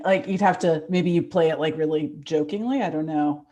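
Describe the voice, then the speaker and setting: A woman's voice: sits low, a little fast, dark tone. A woman leading a seminar discussion over a video call, affirming points and asking follow-up questions. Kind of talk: discussion moderation.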